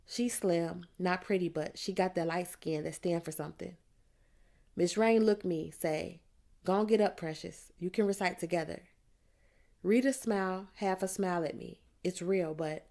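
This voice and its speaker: A woman narrating an audiobook in the first person, telling the story in a plain, measured way. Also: fairly low pitch, darkish tone.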